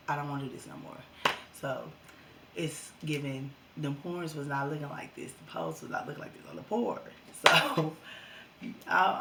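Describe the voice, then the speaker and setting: A young woman telling a casual storytime vlog to her viewers, animated and slangy. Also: low voice, creaky, reverberant, very noisy.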